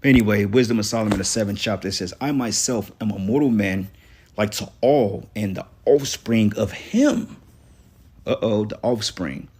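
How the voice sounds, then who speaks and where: A man reading scripture aloud and breaking into blunt, profane commentary, often tagging his lines with "okay" and "man." He reads single words slowly, giving each one weight. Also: lowish voice, a little mellow, slightly rough. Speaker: scripture teacher.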